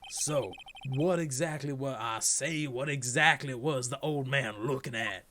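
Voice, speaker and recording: A man voicing a cool, brooding male prosecutor with dramatic pauses. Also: mid-range voice, bright, forceful tone, a little hiss or hum. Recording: game music behind the voice.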